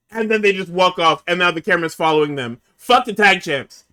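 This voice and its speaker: A man hosting a casual podcast, recapping a show in an exasperated, profane and animated way. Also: high voice, a little fast, hardly any pauses, clean tone. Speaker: podcast host recapping wrestling.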